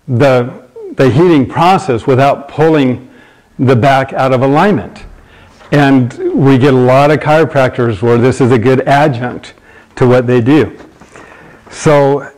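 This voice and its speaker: A man's voice: mid-range voice, darkish tone, rough recording. Man in his sixties demonstrating exercises. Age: 60s. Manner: explains while demonstrating exercises on a rebounder. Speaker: fitness show host. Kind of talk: live demonstration and Q&A.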